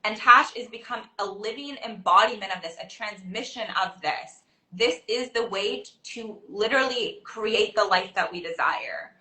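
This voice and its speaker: A woman's voice: mid-range voice, normal speed, pushed and bright. A woman hosting a casual chat, talking enthusiastically with many fillers. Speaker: podcast host, manifestation coach. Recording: roomy echo.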